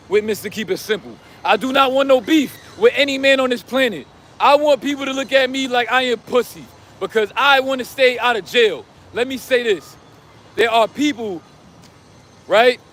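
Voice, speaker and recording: A man vlogging outdoors who rambles in street slang and keeps saying "you know what I'm saying", while he is losing his voice and going hoarse. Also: sits high, slight background noise. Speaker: vlogger and self-styled life coach. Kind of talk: casual monologue to camera.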